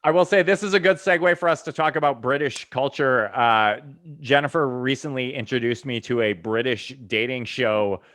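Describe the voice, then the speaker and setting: A man's voice: medium pitch, moderate pace, few pauses, fairly bright tone. A man co-hosting a podcast in loose, profane banter who laughs often and switches topics easily. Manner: swears a lot, laughs often. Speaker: podcast co-host.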